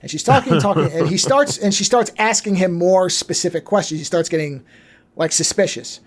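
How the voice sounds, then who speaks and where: Podcast co-host, casual film recap, animated storytelling, swears freely, mid-range voice. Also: medium pitch, fairly quick. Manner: acts out characters' lines mid-story. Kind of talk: casual movie recap chat.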